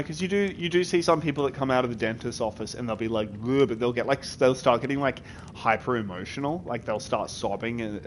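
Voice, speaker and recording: A man talks casually at his computer, chatting live with his viewers and breaking into laughter often. His voice sits at an ordinary middle pitch. A faint background noise runs under the speech. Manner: rambling, laughs often, lots of fillers. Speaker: live streamer.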